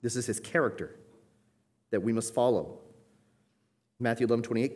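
A man preaching a sermon at a middle pitch, talking through scripture in a relaxed, conversational manner. He turns emphatic when he reads passages aloud, and he drops in casual asides along the way. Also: moderate pace, long pauses, slightly rough. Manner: conversational asides with light laughter.

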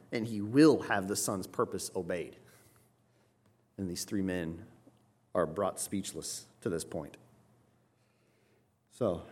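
A man preaching an expository sermon, explaining as he goes and often checking in with "right?", his voice building to loud, emphatic passages. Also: lowish voice.

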